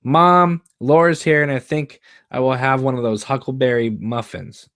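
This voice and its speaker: A man reads the part of an anxious, earnest teenage girl who stammers, pleads and sounds flustered. His voice is medium-pitched with fairly even intonation and normal speed, pitched above his own but close to an everyday voice, in clean studio sound with no room noise.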